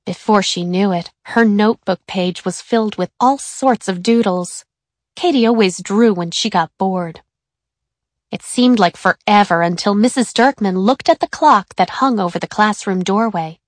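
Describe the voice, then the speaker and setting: A woman reading a children's chapter book aloud in a clear, even storytelling manner. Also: mid-range voice, moderate pace, no room sound. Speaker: narrator. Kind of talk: scripted children's book narration.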